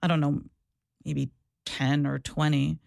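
A woman's voice: sits low, level tone, measured pace, vocal fry, darkish tone, no echo, clean studio sound. A woman who used to be a social worker, talking candidly in an interview, earnest and reflective, often restarting and repeating herself. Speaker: former social worker, guest.

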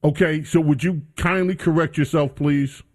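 A man's voice: on the high side, steady tone, moderate pace. A man hosting a talk radio show, bantering with his studio crew in a casual commentary style.

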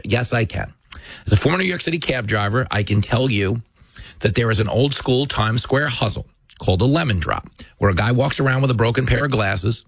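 A male host delivers a sarcastic, impassioned commentary monologue in an average-pitched voice. He talks quickly and tells stories along the way. The sound is close and dry, with no room echo. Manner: fast, sarcastic, impassioned, storytelling.

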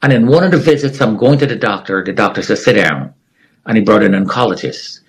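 Husky-voiced man telling his story. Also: on the low side, poor audio. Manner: earnest, emotional, with dramatic pauses. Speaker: interview guest. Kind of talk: personal testimony storytelling.

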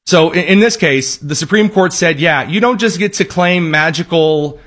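A man's voice: a little high, normal speed, few pauses, fairly bright tone. A man giving opinionated political commentary, sarcastic and ranting, with frequent restarts.

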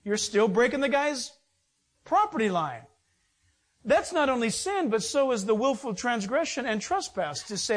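A man's voice: very high voice, big pitch swings, slow. A male pastor preaching a sermon in an emphatic, conversational way, with rhetorical questions and joking asides.

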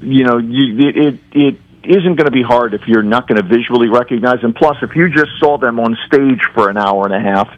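A man's voice: medium pitch, brisk, hardly any pauses, dull audio. Man talking with many restarts and fillers. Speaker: casino entertainment representative. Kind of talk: radio interview.

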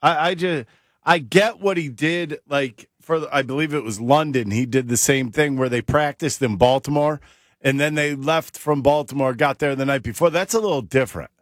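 A man's voice: a little high, moderate pace, no echo, studio quality. A man co-hosting a sports talk show, talking in a laid-back, plainspoken way.

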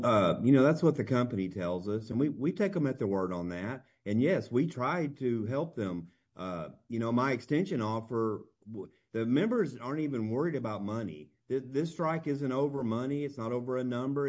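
A man, a union representative speaking as an interview guest, earnest and plain-spoken, with halting restarts. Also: medium pitch, lively intonation, a little mellow.

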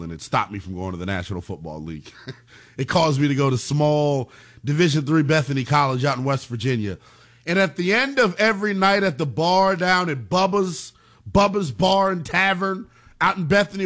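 Animated man hosting sports talk. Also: sits high. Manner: excitable, folksy, swears casually, drops voice for asides. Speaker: sports talk show host.

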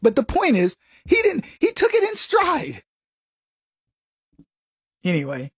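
A man's voice: sits high, breathy edge, dry recording, studio quality. A male radio talk show host delivering a political monologue in a conversational, emphatic way, often chuckling at his own asides.

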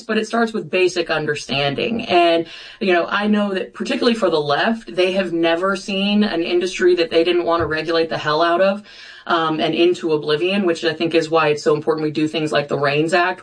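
A woman guest on a political talk show, a congresswoman speaking bluntly with sarcastic jabs. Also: lowish voice.

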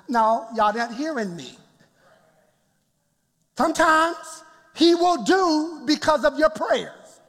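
A man's voice: very high voice, lively intonation, slow pace, long pauses, a bit bright, long reverb tail. A man preaching a sermon as pastor in a church, laughing often and calling out to the congregation.

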